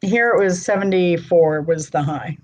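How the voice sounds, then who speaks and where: A woman with a Midwestern American accent hosting a casual live-stream chat, talkative and quick to laugh. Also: lowish voice, a little mellow, low-quality recording. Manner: chatty, laughs often. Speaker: host.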